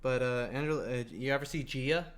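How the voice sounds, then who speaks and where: Male podcast co-host, relaxed and deadpan, short agreeing replies and dry one-liners. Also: mid-range voice, fairly quick. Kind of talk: casual comedic chat.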